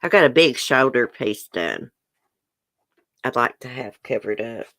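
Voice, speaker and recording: A woman's voice: a bass voice, expressive, unhurried, fairly bright tone, no room sound. A middle-aged woman with a Southern US accent, hosting a casual livestream, chatty and laughing often as she talks to viewers. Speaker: livestream host. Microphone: webcam or phone close up.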